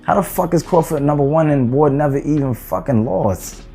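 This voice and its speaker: A man's voice: on the high side, normal speed, creaky, dark tone, faint music behind. A man ranting heatedly about boxing rankings in a vlog, cursing and exasperated, with rhetorical questions. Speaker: boxing commentator.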